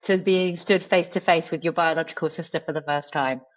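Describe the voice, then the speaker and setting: A woman hosting a podcast interview, gently prompting her guest with questions. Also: low voice, steady tone, brisk, dull audio. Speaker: podcast host.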